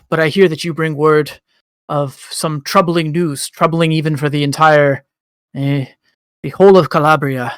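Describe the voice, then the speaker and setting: A man's voice: on the high side, no echo, lightly acted. A man voicing a weary, graying old raccoon lord who is a level-tempered father, speaking in a stately, formal way.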